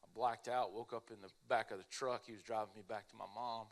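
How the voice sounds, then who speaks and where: A young man preaching a casual, animated sermon, telling stories in an everyday way. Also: on the low side, quick pace. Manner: animated, casual storytelling with lots of "like".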